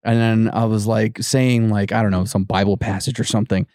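A man's voice: lowish voice, flat delivery, fairly quick, darkish tone, no echo, clean studio sound. A man telling a ghost story to his co-hosts in a casual, rambling way, full of fillers and restarts, acting out what people said.

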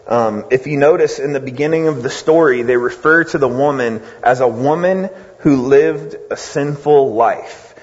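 A man giving a casual, conversational sermon, retelling a story with animated asides and little voiced impressions. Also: mid-range voice, normal speed, few pauses. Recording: dull, echoey hall sound.

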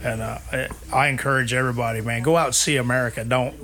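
A man's voice: medium pitch, fairly even intonation, fast, pushed and bright. A man in a casual group chat who talks with encouraging enthusiasm and often calls people "man". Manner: encouraging, sprinkles "man" into his talk.

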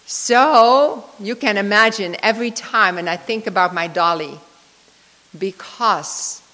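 A woman's voice: medium pitch, takes it slowly. Older woman preaching in a reverberant hall. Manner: emotional storytelling, ending in soft prayer. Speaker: speaker giving a devotional talk. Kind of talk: sermon with personal story and prayer. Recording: long reverb of a large hall.

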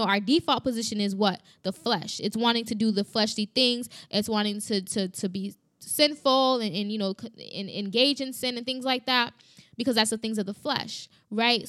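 A woman's voice: fairly high pitch, fairly bright tone, clear, resonant tone, dry recording, studio quality. A woman preaching in a casual, emphatic way into a microphone, repeating phrases and asking rhetorical questions. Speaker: christian podcast host. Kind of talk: casual sermon. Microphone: studio mic.

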